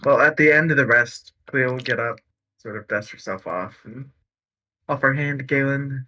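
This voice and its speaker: Bright-voiced man playing a tabletop game. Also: mid-range voice, moderate pace, far from the mic. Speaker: player. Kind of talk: casual tabletop role-play.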